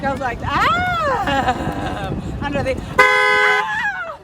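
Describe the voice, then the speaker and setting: A street performer playing an overeager, chirpy woman reporter from Canada, chatting with passersby and cheering loudly at an outdoor festival. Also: high-pitched, lively intonation, moderate pace. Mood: cheery. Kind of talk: comic street show banter. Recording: loud crowd and street noise outdoors.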